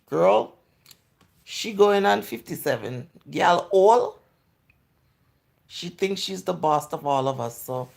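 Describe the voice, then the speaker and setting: Hosting a relaxed live chat, a woman in her 40s with a Jamaican accent responds to viewer comments she reads aloud. Her lowish, a little mellow voice has a heavy gravelly fry throughout, and her candid, talkative manner drifts into patois.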